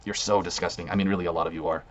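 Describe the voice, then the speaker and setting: A man in a played video, speaking with contempt and hurling insults in halting bursts. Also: sits low, steady tone, crowd noise. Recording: dull lo-fi audio from a played video.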